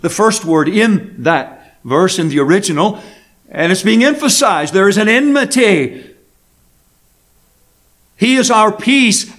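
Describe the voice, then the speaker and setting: Slow, high-voiced preaching man. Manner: slow, deliberate preaching with emphatic pauses on key words. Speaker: pastor. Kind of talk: sermon. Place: church sanctuary.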